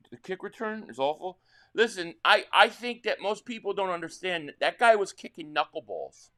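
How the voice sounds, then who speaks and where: High-voiced excitable football streamer, man. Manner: excitable play-by-play calling, reading viewer chat. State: slightly losing his voice. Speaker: live stream host. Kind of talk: live sports reaction stream.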